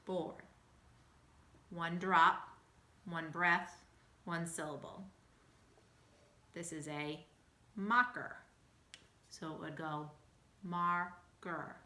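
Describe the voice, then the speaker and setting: Slow, bright-voiced woman teaching phonics. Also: low-pitched, flat delivery. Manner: slow, patient, sounding out words. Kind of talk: phonics lesson for young children. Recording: echoey room.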